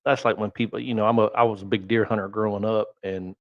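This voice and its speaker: Laid-back Southern man, low dull voice. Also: flat delivery, quick pace, no room sound. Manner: laid-back, short agreeing replies, anecdotes. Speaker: podcast guest. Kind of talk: casual podcast chat.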